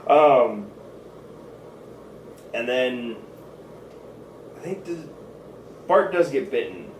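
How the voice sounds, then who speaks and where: A man's voice: mid-range voice, very animated, extremely slow. Man, casual co-host, rambling, filler-heavy, distant mic, echoey room. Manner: rambling, many fillers and restarts. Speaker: podcast co-host. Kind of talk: casual chat. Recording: roomy, distant mic with faint noise.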